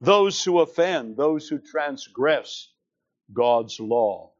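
A man preaching an expository sermon, explaining scripture slowly and with emphasis. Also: mid-range voice, expressive, lo-fi sound. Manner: slow, deliberate, emphatic reading of scripture.

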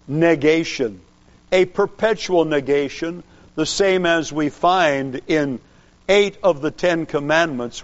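A man preaching a sermon in a slow, deliberate way, pausing to stress single words. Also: a little high, lo-fi sound.

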